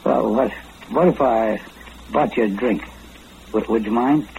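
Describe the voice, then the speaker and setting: A man's voice: mid-range voice, unhurried, vocal fry, darkish tone. An actor in an old-time radio drama playing a shy, poor young man who stammers politely and sounds humble and grateful. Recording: dull lo-fi old radio recording with hiss.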